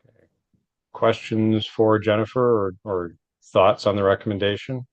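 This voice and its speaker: A man's voice: on the low side, fairly even intonation, normal speed, no echo, highs cut off. A man chairing a council meeting, easygoing, with stammering restarts. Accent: Canadian.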